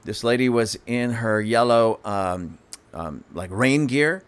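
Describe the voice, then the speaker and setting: A middle-aged man, a channel host, telling a personal story in a casual, animated way and chuckling now and then. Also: mid-range voice, slow, clear, resonant tone.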